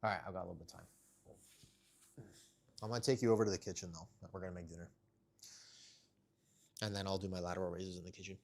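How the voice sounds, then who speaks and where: A man with a deep, low voice chats loosely with his viewers on a home live stream. He talks through his workout and tells off his cats now and then, with the cats heard in the background. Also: fairly even intonation, fast, creaky, long pauses, darkish tone. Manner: chatty, talks to viewers and cats while working out. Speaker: livestreamer. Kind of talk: casual live-stream chat. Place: home, kitchen corner.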